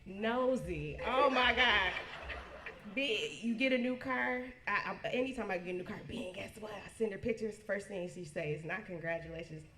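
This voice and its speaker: Halting niece giving a teary toast. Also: female voice, medium pitch, a bit bright, slight background noise. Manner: halting, repeats herself, laughs, close to tears. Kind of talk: emotional party toast. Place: party hall, indoors. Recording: echoey room.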